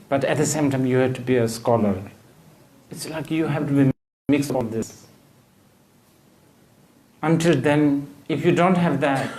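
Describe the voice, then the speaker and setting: Man, Bhutanese accent, Buddhist teacher, dharma talk, very slow, hesitant fillers, mid pitch. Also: a little mellow. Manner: halting, hesitant phrasing with frequent fillers.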